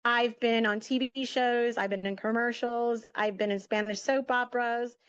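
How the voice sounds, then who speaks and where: A woman's voice: on the high side, moderate pace, clean tone, dry recording, muffled recording. A middle-aged woman guest telling a story casually and with energy, acting out the lines of the people in it. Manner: chatty, animated, acts out quoted dialogue. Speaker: guest, media entrepreneur.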